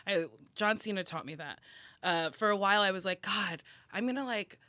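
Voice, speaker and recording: A woman in her thirties with a bright, forceful voice tells stories with animated energy and laughs often. The sound is dry and close, with no room in it. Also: medium pitch, moderate pace, dry recording. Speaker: comedian and actress guest. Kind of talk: casual interview chat.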